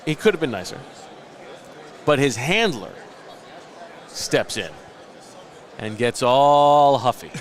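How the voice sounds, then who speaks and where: Male podcast host, late 30s, ordinary mid-range pitch, self-mocking rambling storyteller. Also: expressive, slow, pauses often. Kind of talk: casual chat.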